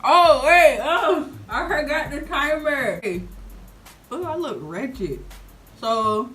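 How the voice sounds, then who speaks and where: A woman's voice: fairly high pitch, expressive, unhurried, a bit bright, faint music behind. A young woman, chatting to camera in a casual, playful way and calling her viewers y'all. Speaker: vlogger reviewing a product.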